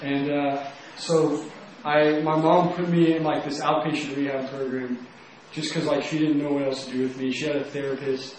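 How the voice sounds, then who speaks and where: A man's voice: fairly high pitch, level tone, moderate pace, hardly any pauses, slight background noise. A young man from Texas giving a casual, rambling personal testimony, with lots of "like" in his speech. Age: young adult. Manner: casual, rambling, heavy use of "like". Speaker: storyteller. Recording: very echoey room, mic at a distance.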